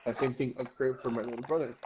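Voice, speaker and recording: A man's voice: medium pitch, steady tone, quick pace, background noise. A young man telling a long story while gaming on stream. He rambles, curses often, says "bro" constantly and slips between English and Spanish. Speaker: gamer streamer.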